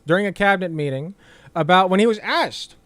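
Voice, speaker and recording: Sarcastic high-voiced male commentator. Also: expressive, a little fast, a bit bright, dry recording. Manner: sarcastic, swears casually, lots of fillers. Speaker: political commentary YouTuber. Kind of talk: casual commentary, reading news aloud.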